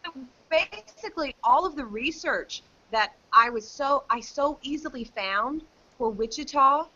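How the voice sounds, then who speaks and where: A woman's voice: high voice, expressive, measured pace, sharp tone. A woman, a guest author, chatting casually and rambling on a video call. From South Dakota. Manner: chatty, rambling with restarts, mimics others' voices. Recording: slightly dull lo-fi call audio.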